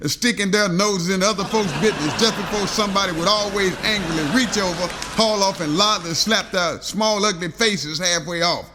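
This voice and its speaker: A man's voice: sits high, moderate pace, few pauses, background noise. A man narrating a rambling comic story, stringing long lists of insults with filler "uh"s.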